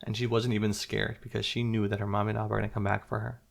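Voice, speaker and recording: Gravelly guy telling a little kid a story, asks questions along the way, gentle simple words. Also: lowish voice, level tone, rapid-fire. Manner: interactive, asks the listening child questions. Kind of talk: telling a children's story aloud.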